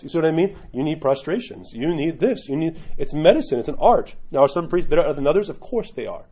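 A man's voice: a little high, animated, fairly quick, few pauses, mellow, slightly rough. A man who is an Orthodox priest, teaching in a loose conversational way and often checking in with "right?". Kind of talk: informal teaching talk.

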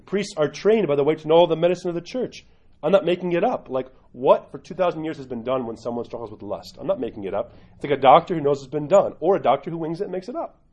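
A man's voice: on the high side, a little mellow, breathy edge. A man who is an Orthodox priest, teaching in a loose conversational way and often checking in with "right?". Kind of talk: informal teaching talk.

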